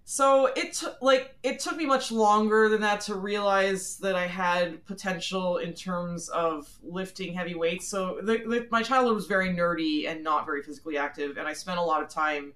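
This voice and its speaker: This woman's voice sits on the low side, a bit bright, with fairly even intonation, normal speed and few pauses. In her forties and from the Philadelphia area, USA, she's a phone interview guest whose answers are chatty, frank, self-deprecating and filler-heavy.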